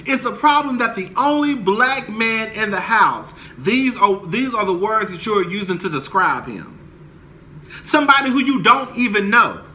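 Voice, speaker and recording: A young man rants about a reality show, heated and emphatic, swearing freely. His voice is bright and forceful and sits a little high. A faint hiss runs under the recording. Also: lively intonation, normal speed. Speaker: commentator. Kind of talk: angry reality TV rant to camera.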